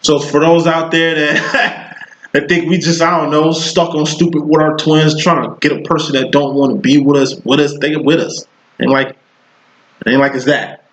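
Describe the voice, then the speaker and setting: A man's voice: fairly high pitch, steady tone, moderate pace. A man in his thirties giving a casual tarot reading as a psychic, talking bluntly in profane street slang. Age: 30s. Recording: roomy, dull lo-fi sound.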